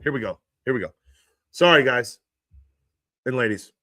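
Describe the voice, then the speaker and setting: A hoarse man hosting a casual live stream about football news, excitable and laughing often as he reads the chat aloud. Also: mid-range voice, normal speed, dry recording, clean studio sound. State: hoarse from screaming.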